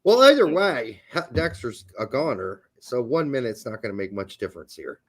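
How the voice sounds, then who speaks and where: A male podcast co-host in easygoing chat, his mid-pitched voice rising and falling a lot. He teases his co-host with a wry, dry humor. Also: sing-song, normal speed, fairly bright tone. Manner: wry, teasing banter. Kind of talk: casual chat.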